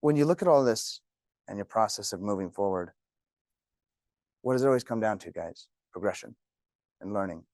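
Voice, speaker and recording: A man's voice: fairly low pitch, expressive, normal speed, pauses often, a little mellow, no echo, clean studio sound. Jokey male real estate trainer. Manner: jokey, storytelling. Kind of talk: classroom talk.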